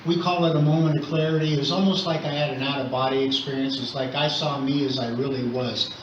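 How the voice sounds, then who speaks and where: A man's voice: a little high, steady tone, fast. Older man, casual storytelling, dry humor, roomy distant sound, muffled, background noise. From Southern California. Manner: conversational storytelling, wry humor. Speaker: AA meeting speaker. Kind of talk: recovery share at a meeting. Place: meeting hall.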